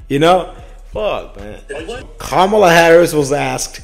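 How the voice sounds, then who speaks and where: A man's voice: on the high side, lively intonation, measured pace, creaky. A man hosting a casual political reaction commentary, blunt and profane, often adding "man" and "bro.".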